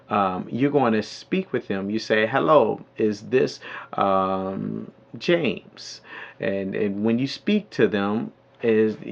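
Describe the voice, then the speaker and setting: A man giving a spoken training lesson on calling sales leads, pausing often with ums and restarts, sometimes acting out phone calls. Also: lowish voice, gravelly. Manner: hesitant with many ums, then lively role-play of phone calls. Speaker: network marketing trainer. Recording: dull lo-fi audio.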